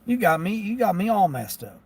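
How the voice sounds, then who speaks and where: A man who drives for delivery apps, talking casually to his viewers from his car and grumbling as he thinks out loud about the orders he gets. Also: high voice, big pitch swings, a little fast, breathy edge. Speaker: gig delivery driver vlogger. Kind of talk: casual talk while driving. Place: inside a car.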